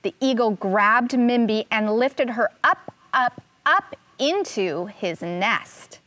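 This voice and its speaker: Teacher read-aloud: unhurried, expressive woman, slightly high voice, dry close sound. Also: no echo. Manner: slow, expressive, asking children questions. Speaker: first grade teacher. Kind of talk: reading a picture book aloud to children.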